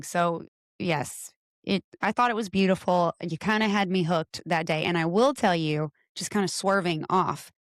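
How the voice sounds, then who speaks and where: A woman guest on a podcast tells stories in an expressive, animated way. Her voice sits at an ordinary pitch. The sound is dry and close. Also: dry recording. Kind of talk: casual conversation.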